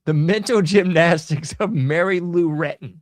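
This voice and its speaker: A man's voice: on the high side, no echo. A man hosting a podcast in casual commentary, folksy and sarcastic, often chuckling. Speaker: podcast host.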